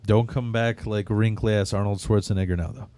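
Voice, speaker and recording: A man's voice: on the low side, steady tone, a little fast, a crowd in the background. A man hosting a podcast, telling rambling, profane comic stories in casual chat. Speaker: podcast host. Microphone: studio microphone.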